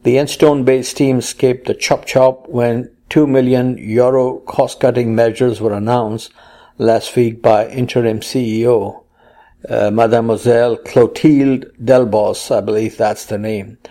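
A man's voice: mid-range voice, flat delivery, unhurried, mellow. A man co-hosting a casual chat, reading news items aloud with playful puns and quotes. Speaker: co-host.

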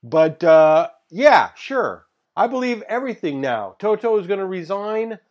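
A man's voice: sits high, big pitch swings, unhurried, dull audio. A man co-hosting a casual chat, answering with wry, mock-dramatic jokes. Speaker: co-host.

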